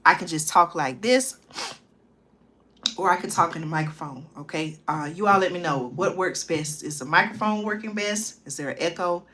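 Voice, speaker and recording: A woman hosting her own live stream, chatting casually with viewers and often checking in with a quick "okay?" between thoughts. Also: fairly low pitch, pushed and bright, a little hiss or hum. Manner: chatty, tags lines with "okay?" and "y'all"; drawn-out fillers and restarts. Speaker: livestream channel host. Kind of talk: casual livestream chat to viewers.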